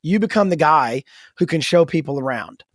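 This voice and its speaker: A man co-hosting a podcast in a casual, storytelling manner. His voice sits a bit high for a man and he tells stories with animation. The sound is dry and close, with no room around it. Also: lively intonation, normal speed, no room sound. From United States. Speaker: podcast co-host. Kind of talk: casual faith-based podcast chat.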